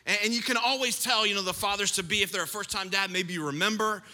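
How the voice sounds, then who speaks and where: High, bright-voiced man preaching in a reverberant hall. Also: quick pace, soft background music. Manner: animated storyteller, playful self-mocking asides. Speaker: pastor. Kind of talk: sermon.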